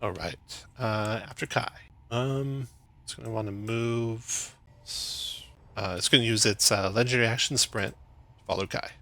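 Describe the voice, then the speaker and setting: A young man acting as dungeon master, calling out rolls and rules briskly with the odd chuckle. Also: lowish voice, sharp tone. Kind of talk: running a tabletop game.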